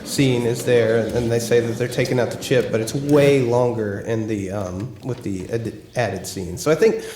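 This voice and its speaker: A man's voice: mid-range voice, fairly even intonation, normal speed, darkish tone, echoey room, a little hiss or hum. A man co-hosting a casual podcast, chatting enthusiastically with casual swearing. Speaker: podcast co-host. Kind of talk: casual chat.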